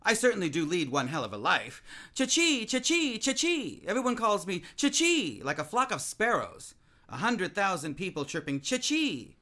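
An actor playing a restless, talkative man-about-town who gets excited and trips over his own words. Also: sits high, normal speed, full character voice. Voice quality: voluble and excitable, with frequent restarts. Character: restless, voluble man-about-town, nervous and self-mocking. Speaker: actor in a play. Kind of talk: theatrical stage-play acting.

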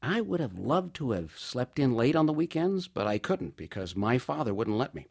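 Husky man telling a comic story. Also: mid-range voice, moderate pace. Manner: animated, wry, mock-grand storytelling. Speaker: monologue performer.

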